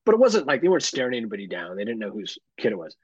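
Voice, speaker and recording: Man, casual podcast chat, husky, dry close sound, dull lo-fi, swearing storyteller. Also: on the low side, racing, no room sound. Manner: swearing, animated retelling. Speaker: podcast co-host.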